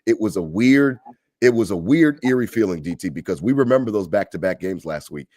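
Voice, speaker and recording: A man with a low voice talks quickly and animatedly in a casual sports chat. He swears freely and acts out the other voices in his story. The sound is dry and close to the mic. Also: expressive, dark tone, no echo. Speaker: podcast co-host.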